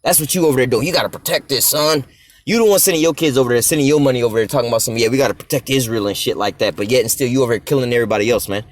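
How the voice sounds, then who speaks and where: Fast, furious, profane ranting man. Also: mid-range voice. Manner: profane, heated, preachy, addresses the clip directly. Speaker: commentator reacting to a clip. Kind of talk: angry ranting commentary.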